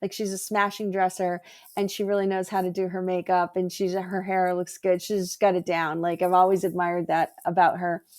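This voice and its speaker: A woman guest, an energy healer, chatting casually and telling stories with lively acted-out quotes. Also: normal speed. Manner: animated, acts out quotes in a higher voice. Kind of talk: casual storytelling chat.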